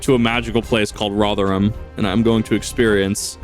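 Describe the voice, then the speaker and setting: A man's voice: lowish voice, level tone, a little fast, faint music behind. Joking man commenting on a game. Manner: jokey and rambling, laughs often and swears. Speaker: gaming channel host. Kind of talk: casual let's-play commentary.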